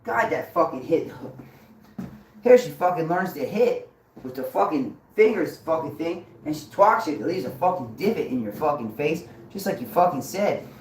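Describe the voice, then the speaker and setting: A man talks on a livestream in a roomy space with a clear hum of noise behind him. He chants strings of nonsense words in a rhythm, then turns to profane, confrontational ranting at his audience. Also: on the high side, lively intonation, normal speed. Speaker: livestream host. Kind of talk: rambling livestream monologue.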